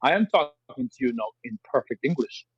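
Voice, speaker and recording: A man's voice: mid-range voice, fairly quick, breathy edge, dry recording, highs cut off. A man from Jamaica with a strong Jamaican accent, speaking as a guest in a podcast interview, explaining emphatically and repeating himself as he goes. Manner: emphatic, animated explaining with repetitions.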